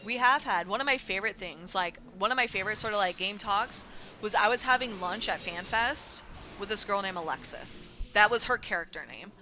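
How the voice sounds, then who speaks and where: Woman streamer, bright and forceful tone, loose rambling chat with swearing, faint background music. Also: mid-range voice, expressive, brisk. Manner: rambling, lots of filler likes, swears casually. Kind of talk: casual chat with live chat.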